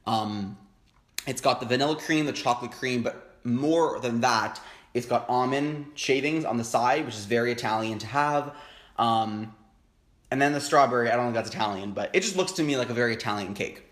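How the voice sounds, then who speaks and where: A man's voice: medium pitch, moderate pace. Chatty young man in an echoey room. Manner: chatty, excitable, frequent hums of enjoyment. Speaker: mukbang host. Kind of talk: casual chat while eating. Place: home, indoors.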